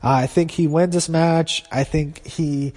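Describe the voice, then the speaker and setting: A man's voice: fairly high pitch, steady tone, a little slow, a little mellow, in a large hall. A man giving casual, blunt and opinionated wrestling predictions as host of his show, swearing freely.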